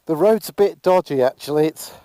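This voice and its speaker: A man's voice: on the high side, brisk, dark tone, clean tone, dry recording. A man chatting casually into a helmet camera while riding a motorbike outdoors in pouring rain, exclaiming and swearing now and then. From Britain. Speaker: motorcycle vlogger. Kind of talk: casual vlog commentary.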